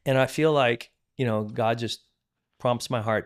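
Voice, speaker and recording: Speaking at an unhurried pace with a steady tone and medium pitch, this middle-aged man recounts his personal experience of forgiveness. He's a pastor guesting on a podcast, and his conversational testimony is candid and earnest, full of restarts and repeated words.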